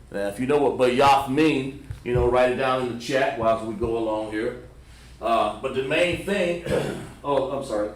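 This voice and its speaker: Southern man sounding out syllables, roomy. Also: mid-range voice. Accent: Southern American. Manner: halting, repeats words, sounds out syllables slowly. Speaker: religious language teacher. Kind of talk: livestreamed pronunciation lesson. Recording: roomy sound from a distant mic.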